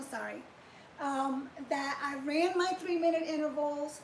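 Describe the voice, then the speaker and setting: A woman's voice: sits high, measured pace, echoey room, a little hiss or hum, rough recording. A woman in her fifties chatting animatedly on a live fitness stream, greeting viewers by name. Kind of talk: casual live chat to viewers.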